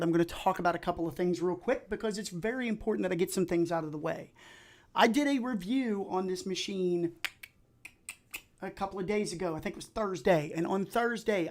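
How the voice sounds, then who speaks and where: A man hosting his own livestream, chatting and telling stories in a lively, talkative way. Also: sits high. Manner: energetic, chatty storyteller. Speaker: livestream host. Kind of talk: casual livestream chat.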